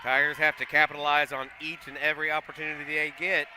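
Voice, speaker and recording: A man calling a school basketball game play by play, getting excitable and loud on big plays. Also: on the high side, quick pace, a little hiss or hum. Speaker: play-by-play commentator. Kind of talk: live basketball commentary. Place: school gym.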